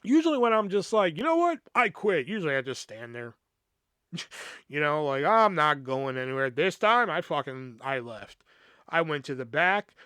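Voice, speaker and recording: A man's voice: fairly high pitch, sing-song, normal speed, pushed and bright, smooth, no room sound, clean studio sound. A young man hosting a podcast, telling a work story in a casual, profane way and acting out the quoted dialogue. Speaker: podcast host.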